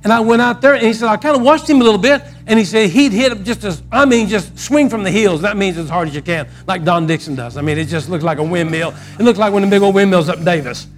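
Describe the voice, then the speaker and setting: A man preaching a sermon and telling a story, swinging from loud quoted outbursts to a soft, quiet close. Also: sits high, quick pace, hardly any pauses, soft background music.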